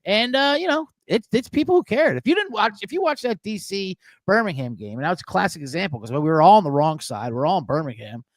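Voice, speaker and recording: An excitable man chatting on a sports betting podcast, his fairly high voice leaping all over the place. He swears casually and gets worked up as he talks. The sound is close and dry. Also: fast talker, hardly any pauses, no room sound. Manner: excitable, swears, acts out quotes in a raised voice. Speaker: podcast co-host.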